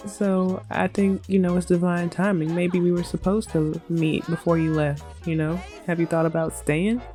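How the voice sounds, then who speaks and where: A woman voicing a laid-back, smooth-talking young male bartender with a relaxed, easygoing way of talking. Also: fairly low pitch, normal speed, faint music behind, close to an everyday voice.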